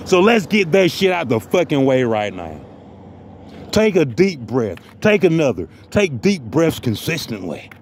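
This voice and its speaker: A man's voice: fairly high pitch, very animated, unhurried, a little hiss or hum. A man delivering a profane, mock-motivational comic rant that loops back on the same phrases. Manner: mock-motivational, repeats phrases, heavy cursing.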